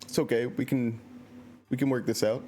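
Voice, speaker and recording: A man's voice: medium pitch, fairly even intonation, moderate pace, music in the background. A man giving casual, joking commentary while streaming a story game and reading chat aloud, into a computer mic at home.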